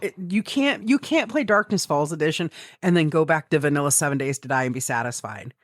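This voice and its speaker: Recorded dry in a clean studio, a woman speaks a little fast in a low voice. She's a Midwestern podcast co-host sharing gaming anecdotes casually, cursing freely, and animating her storytelling by quoting her own thoughts.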